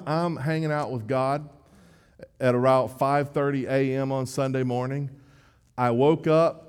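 A preacher with a mid-range, slightly mellow voice delivers a sermon in a chatty, self-deprecating style, frequently restarting his sentences. The recording carries a long hall reverb.

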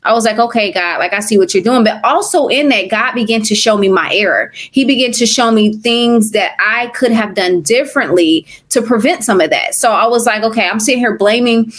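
A woman's voice: on the high side, a little fast, few pauses, a bit bright. A middle-aged woman minister giving a conversational, earnest testimony, repeating and restarting words as she talks. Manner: earnest, preachy, with frequent fillers and restarts. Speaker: minister and podcast guest.

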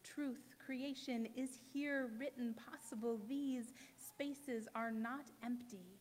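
A woman poet performs spoken word on a stage before a live audience, each phrase measured and emphatic. Her voice sits a little high, and she takes her time with it. The sound rings out with a long hall reverb. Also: steady tone, a little mellow, a little hiss or hum. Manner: measured, emphatic poetic delivery with deliberate pauses.

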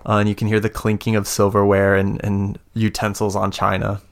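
A man's voice: lowish voice, monotone, a little fast, vocal fry. A man narrating as game master in a tabletop game, describing scenes and actions step by step.

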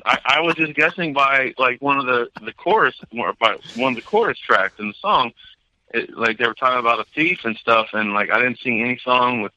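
A man co-hosting a podcast, chatting casually in a halting, rambling way with lots of swearing. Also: medium pitch, bright, forceful tone, no room sound, muffled recording. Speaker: podcast co-host. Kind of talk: casual chat.

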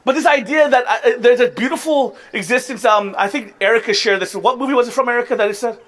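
Speaking very fast in a very high, fairly bright voice, a pastor preaches to his congregation at a church service. He is conversational and emphatic and sometimes laughs at himself.

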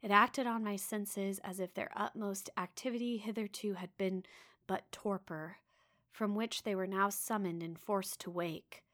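A woman's voice: medium pitch, fairly even intonation, a little slow. A woman reading a novel passage aloud with dramatic expression, a podcast co-host who also chats casually. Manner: dramatic reader, voices quoted cries and drops to hushed asides.

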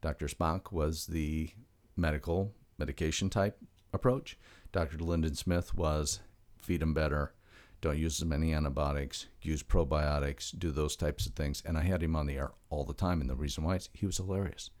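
A middle-aged man with a very low, deep voice, speaking as a health expert guest in a relaxed interview. He presses his points with rhetorical questions and slips easily into chatty stories. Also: normal speed. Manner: emphatic, fond of rhetorical questions; chatty anecdotal storyteller. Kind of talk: conversational podcast interview.

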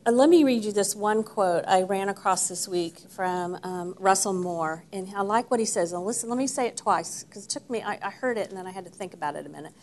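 A woman's voice: medium pitch, a little fast, few pauses, a little mellow. Woman, Bible class teacher, emphatic, questioning the group.

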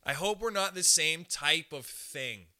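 A young man from Canada hosts a casual comedy podcast, telling a story with lots of swearing and quick acted-out bits of dialogue. His voice is very bright and sits a little high for a man. He swings his pitch wide as he plays the other people in the story. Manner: animated, swears a lot, acts out other people's lines. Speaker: podcast host.

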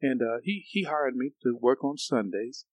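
A middle-aged man from Ohio telling stories in a casual interview, often jumping into high voices for the people he quotes. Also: lively intonation, moderate pace, a little mellow, dry recording, low-quality recording. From Cleveland, Ohio. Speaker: guest.

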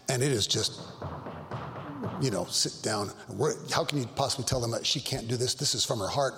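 Creaky-voiced pastor in reverberant hall. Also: male voice, on the low side, a bit bright. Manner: halting, many restarts, earnest. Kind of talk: Bible study talk, storytelling. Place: church hall.

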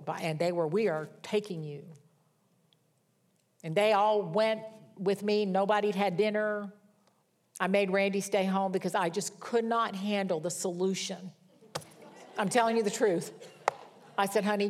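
A middle-aged woman preaching a sermon to a congregation, earnest and storytelling, repeating key phrases for emphasis. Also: mid-range voice.

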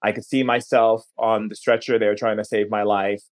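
A man who is a podcast guest, recounting a personal story in an earnest, unhurried way and often slowing down to linger on words. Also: on the low side, flat delivery.

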